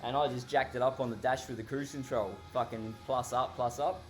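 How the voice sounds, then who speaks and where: A man's voice: medium pitch, fairly even intonation, fairly quick, soft background music. An Australian man telling a story casually, rambling and swearing constantly, often laughing. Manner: heavily profane, rambling, laughs while telling.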